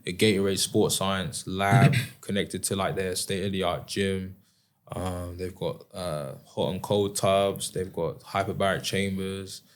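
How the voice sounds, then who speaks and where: A young man from England, telling stories in a relaxed interview with many fillers. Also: sits low, measured pace. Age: 20s. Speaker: guest, former rugby player. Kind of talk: casual interview chat.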